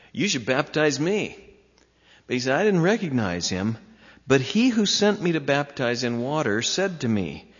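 A man preaching an expository sermon, with emphatic, drawn-out phrasing and sudden rises in pitch. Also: a bit bright. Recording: dull lo-fi recording in a reverberant hall.

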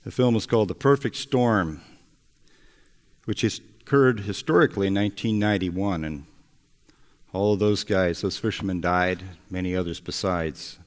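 A man preaching a sermon and retelling a story in a slow, storytelling delivery. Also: sits low. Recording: echoey hall.

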